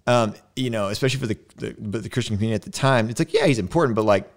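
A man with a fairly low voice leads a casual podcast chat about scripture. His delivery is emphatic, and he keeps asking "right?" as he works through the verses. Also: racing. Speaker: podcast host teaching scripture.

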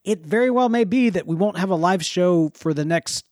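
A man's voice: sits high, normal speed, a little mellow, no echo, clean studio sound. A man co-hosting a live podcast, rambling casually with many fillers and restarts. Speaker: podcast co-host.

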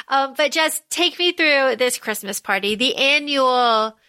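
Bright high-voiced woman podcaster. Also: measured pace, few pauses. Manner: animated, acts out characters' lines. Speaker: podcast co-host. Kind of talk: casual book discussion.

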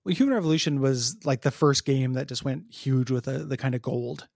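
A man's voice: mid-range voice, a little fast, creaky, a little mellow, no echo, clean studio sound. A man co-hosting a podcast in casual game review chat, rambling with many ums and restarts. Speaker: podcast co-host.

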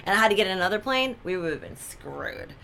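A young woman on social media tells her followers a story in casual chat, animated and dramatic, tossing in frequent "right?" asides and exaggerated voices for quotes. Her medium-pitched voice is fast and creaky.

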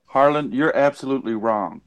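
A man's voice: mid-range voice, normal speed, dry recording, dull audio. A man, co-hosting a casual podcast chat, talking in emphatic, ranting bursts and calling people buddy. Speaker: podcast co-host.

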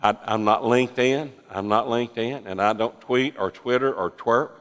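An older man preaching a sermon, folksy with joking asides, swinging from impassioned fervor to hushed, quiet passages. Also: mid-range voice, steady tone, moderate pace, clean tone, in a large hall.

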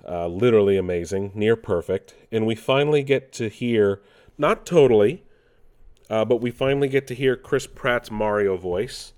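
A man's voice: on the low side, normal speed, a little mellow. A man casually hosting gaming news, rambling with many fillers and restarts. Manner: rambling, with frequent fillers and self-corrections.

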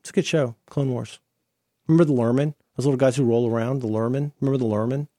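A man's voice: medium pitch, steady tone, fast, mellow, no echo, studio quality. A man hosting a podcast in casual chat, rambling and playful as he riffs from one tangent to the next. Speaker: podcast host.

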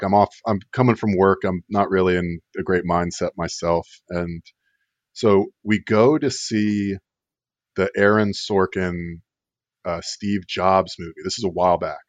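A man's voice: low voice, no room sound. A man telling a comic story in a rambling, wry way, with plenty of filler words. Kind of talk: casual comedic storytelling. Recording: dull lo-fi dry sound.

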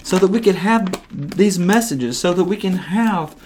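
A man hosting a Bible-teaching podcast, telling the story in an earnest, animated way. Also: high-pitched, measured pace, a little hiss or hum.

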